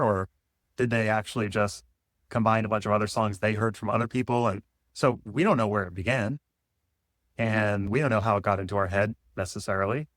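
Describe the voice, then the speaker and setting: A man's voice: on the low side, a bit bright, no room sound. Musing man in a dry close room. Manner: musing, self-interrupting, playful asides. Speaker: vlogger. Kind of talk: rambling philosophical monologue.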